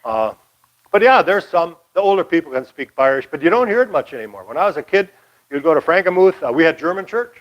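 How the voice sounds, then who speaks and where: A man's voice: fairly high pitch, sing-song, quick pace, highs cut off. An older man from Michigan giving a casual, rambling local history talk, folksy with many fillers. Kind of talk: casual lecture.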